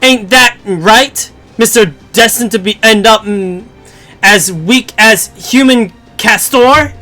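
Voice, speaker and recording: A streamer reading a game script aloud on stream, voicing a cocky, crude female warrior spirit who talks in a slow, mocking drawl. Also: mid-range voice, bright, forceful tone, soft background music.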